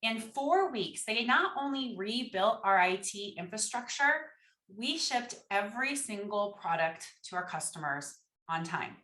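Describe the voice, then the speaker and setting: A woman giving a conference keynote as a speaker, telling a story and acting out quoted dialogue with animated energy. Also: mid-range voice, unhurried, echoey room.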